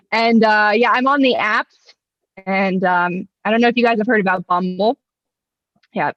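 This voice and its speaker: A woman's voice: medium pitch, measured pace, pauses often, dry recording, dull audio. A woman in her twenties doing a stand-up set over a video call, dry and self-mocking, laughing at her own jokes. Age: 20s. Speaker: stand-up comedian.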